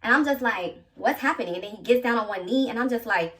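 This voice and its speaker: Woman, thirties, storytelling vlogger, lively and chatty, higher voice, a bit far from the mic. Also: quick pace. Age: 30s. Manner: animated, chatty, addresses viewers directly. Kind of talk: personal storytelling to camera.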